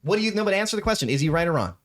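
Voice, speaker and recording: Rambling podcast host with a lively pitch. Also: male voice. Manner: rambling, halting, with many restarts and laughs. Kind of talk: casual chat.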